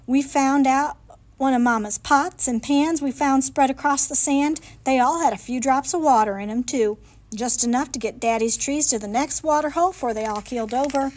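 A woman reading a picture book aloud in a lively, folksy storytelling manner, in a library. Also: high-pitched, moderate pace.

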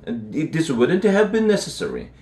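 A man's voice: a little high, huge pitch swings, a little slow, a little mellow, roomy sound. A man putting on a scheming house cat. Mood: determined.

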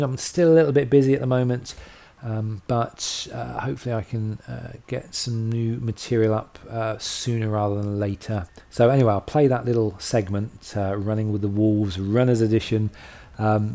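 A man's voice: on the low side, steady tone, moderate pace, hardly any pauses, dark tone. A man hosting a casual video log, chatty and self-deprecating, rambling with lots of fillers. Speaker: channel host.

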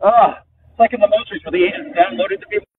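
A man's voice: sits high, fast. A man rambling in a profane, agitated way while riding a motorcycle, talking into a headset mic. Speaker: vlogger. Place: outdoors on a motorcycle in traffic. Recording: tinny phone-like headset audio with faint vehicle noise.

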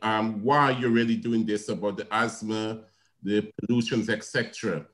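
A man chairing an online council committee, asking long, halting questions full of ums. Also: mid-range voice, low-quality recording. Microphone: video call.

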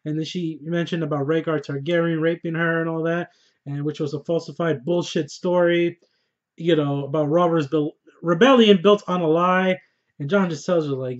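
Excitable, swearing man on a muffled recording. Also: a little high, moderate pace. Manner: excitable, profane, laughs often. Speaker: TV show reviewer. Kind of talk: casual spoiler review vlog.

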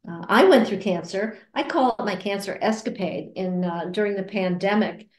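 A woman speaks as an interview guest in a middle-pitched voice, earnest and thoughtful, with frequent hesitations and restarts. When she quotes others she lifts her pitch to act them out. The recording carries a noticeable roomy echo. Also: moderate pace, darkish tone. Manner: acts out quoted remarks with raised pitch. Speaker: interview guest, executive director of a cancer support center. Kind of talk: casual interview conversation.

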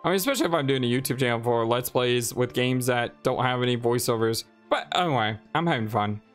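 A woman from Ireland chats her way through a game, reading on-screen text aloud and thinking out loud. Her voice is low for a woman but moves around a lot. Faint music plays underneath. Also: animated, fast talker. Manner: chatty, reads on-screen text aloud, muses to herself. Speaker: let's play gamer. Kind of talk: casual game commentary.

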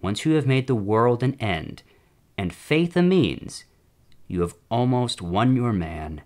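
Scheming elder demon read by a man, formal letter voice, measured and lively in pitch. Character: scheming elder male demon giving advice.

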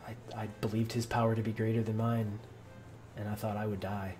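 A man's voice: lowish voice, level tone, fairly quick, a little mellow, soft background music, natural voice. A man voicing a grieving, remorseful male city lord who stammers and repeats his words.

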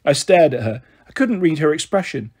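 A man reading a children's novel aloud as a storyteller, gentle and shifting his voice for each character. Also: animated, a little fast, husky. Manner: gentle, voices the characters with raised and lowered pitch. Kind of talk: audiobook narration of a children's novel.

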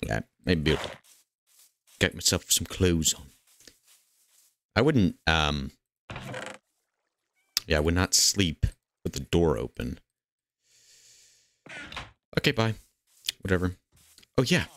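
A man with a deep voice talks his way through a video game in a casual, joking manner. His pitch swings widely as he breaks into excitable outbursts, and he often chats playfully to the characters on screen. A faint hiss sits under the voice. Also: slow pace, long pauses. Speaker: gaming channel host. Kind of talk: casual gameplay commentary.

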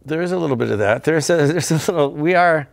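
A Canadian man in his fifties with a Canadian accent, chatting as an interview guest, animated and joking, slipping into mimicked voices. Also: a little high, fast, creaky, no echo. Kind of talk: casual interview chat.

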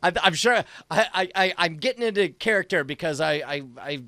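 Man, tabletop player, hesitant, stammering, higher pitch, dry recording. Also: expressive, a little fast, pushed and bright, no echo. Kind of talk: tabletop role-play.

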